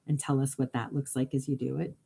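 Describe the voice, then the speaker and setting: A woman with a low, deep voice hosts a casual livestream as a hypnotherapist. She speaks earnestly and straight to her viewers, with easy laughs between thoughts. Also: level tone, brisk, vocal fry, mellow, husky. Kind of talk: casual live talk.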